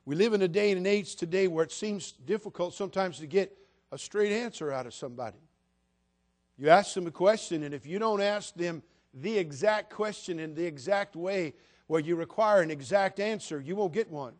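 A man's voice: sits high, moderate pace. A man in his sixties from the United States, preaching a sermon in a folksy, humorous storytelling way. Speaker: pastor.

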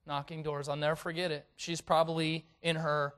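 A man delivers a sermon in a high, bright voice. He reads scripture in old-fashioned wording. His delivery drops to near whispers and climbs to loud, dramatic peaks. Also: little pitch movement, normal speed, clear, resonant tone. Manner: dramatic swings from hushed to loud. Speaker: preacher.

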